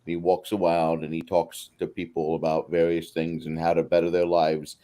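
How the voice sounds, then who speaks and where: A man on a gaming podcast, casually joking and pitching ideas in a laid-back way. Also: little pitch movement, normal speed, warm tone. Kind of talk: casual chat.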